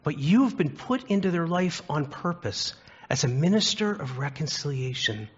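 Sing-song and slightly rough, this pastor's a little high voice moves at a moderate pace. He preaches through earnest storytelling and rhetorical questions to the congregation, recorded in dull lo-fi quality.

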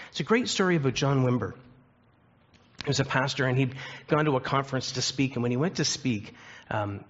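A man preaching a sermon as a pastor, telling a story earnestly and slowing down for emphasis. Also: medium pitch, fairly bright tone, slightly rough, muffled recording.

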